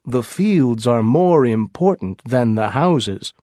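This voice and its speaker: A man's voice: mid-range voice, animated, slow pace, warm tone, no room sound, studio quality. A man voicing an anxious male colonial leader in a storybook reading, speaking in a worried, pleading way.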